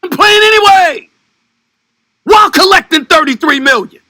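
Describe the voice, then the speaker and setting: A man delivering an impassioned, sarcastic sports commentary rant, swinging between shouted outbursts and hushed mockery. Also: very high voice, animated, moderate pace, dry recording, clean studio sound. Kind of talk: televised sports debate rant.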